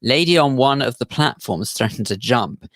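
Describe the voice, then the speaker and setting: A man's voice: mid-range voice, expressive, normal speed, fairly bright tone, no room sound. Wry, teasing male radio co-host. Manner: wry, teasing, tells anecdotes. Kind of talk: casual radio chat and storytelling. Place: radio studio.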